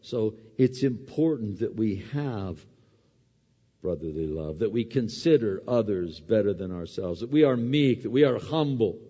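Man in the pulpit with a mellow, slightly husky low voice, preaching in a chatty way with emphatic swells, recorded dull in an echoing hall. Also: expressive, a little slow. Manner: conversational preaching, rising to emphatic peaks, then dropping to soft asides. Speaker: pastor. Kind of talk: sermon. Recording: dull lo-fi sound with long hall reverb.

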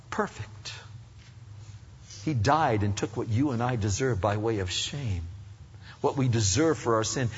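A man preaching a sermon with emphatic swings between loud rising appeals and hushed earnest passages. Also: mid-range voice, husky. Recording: dull recording in a reverberant hall.

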